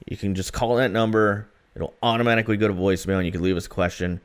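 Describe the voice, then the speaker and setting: A man's voice: lowish voice, steady tone, quick pace, smooth. A man co-hosting a podcast, chatting casually and telling rambling stories with plenty of fillers. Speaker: podcast co-host.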